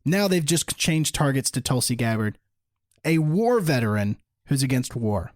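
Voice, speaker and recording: A man's voice: mid-range voice, very animated, normal speed, dry recording, clean studio sound. A man hosting a solo political podcast, talking in an indignant, mocking way and laughing at his own points. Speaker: podcast host.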